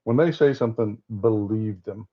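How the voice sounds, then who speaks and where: A man's voice: lowish voice, normal speed, dull audio. A man with a Southern accent hosting a political commentary livestream, talking bluntly and restarting his sentences often. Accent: Southern American. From Southern United States. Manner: blunt, repeats himself with many restarts.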